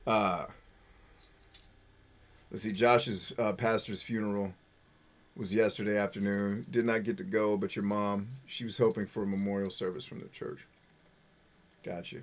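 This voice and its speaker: A man's voice: on the low side, flat delivery, measured pace, long pauses. A man hosting a live game stream, chatting with viewers in a profane, joking, self-mocking way. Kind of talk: live gameplay commentary reading chat.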